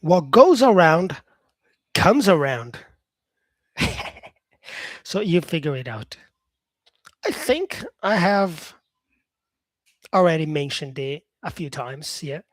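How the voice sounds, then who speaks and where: A man's voice: on the high side, sing-song, no room sound. A male English teacher with an Australian-influenced accent, chatting with viewers on a live-stream lesson and filling his talk with "yeah", "um" and "mate". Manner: chatty, unhurried, lots of "yeah" and "um" fillers, calls people "mate".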